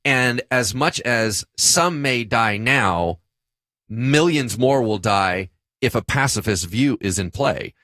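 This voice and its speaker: A man, a pastor co-hosting a podcast, telling a story about himself in a lively, self-deprecating way. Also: medium pitch, slow, no room sound. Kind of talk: casual podcast discussion.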